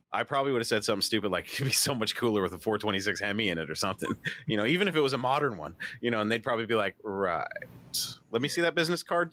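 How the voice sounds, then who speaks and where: A man's voice: on the low side, fairly bright tone. A man hosting a casual live-stream chat, laughing often and reading viewer comments aloud. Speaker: podcast host.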